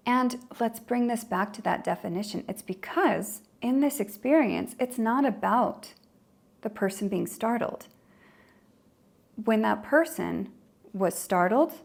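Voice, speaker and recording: Woman podcast host, trauma coach, middle pitch with some gravel, conversational, explains with acted-out quotes. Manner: conversational, acts out quoted inner voices.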